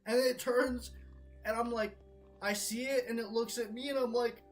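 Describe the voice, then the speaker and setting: A young male streamer retelling a multiplayer game mishap in an animated, laughing way, swearing constantly. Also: extremely high pitch, normal speed, soft background music, low-quality recording. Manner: excitable, swears constantly, laughs between lines. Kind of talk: animated gaming story retelling.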